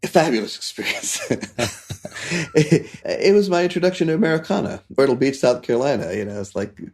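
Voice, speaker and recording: Male chef from India, animated anecdote-teller, laughs easily. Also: fairly quick, slight background noise. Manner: animated, laughs often, shifts pitch for quoted voices. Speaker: chef and guest. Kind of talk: casual interview storytelling.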